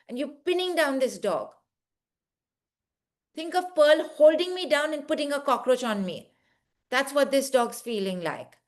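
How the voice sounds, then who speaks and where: Earnest woman teaching dog behaviour. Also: on the high side. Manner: earnest, acts out dogs' thoughts in first person. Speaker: dog behaviour course instructor. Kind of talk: online course lecture.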